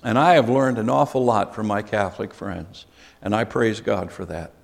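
A man's voice: on the low side, moderate pace, vocal fry. A man leading a Bible study lesson, earnest and given to repeating key phrases for emphasis. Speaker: Bible teacher. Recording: long reverb of a large hall.

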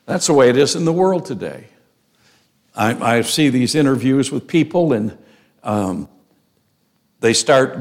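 A man's voice: medium pitch, sing-song, unhurried, pauses often. A man preaching an expository sermon, emphatic, repeating phrases for stress.

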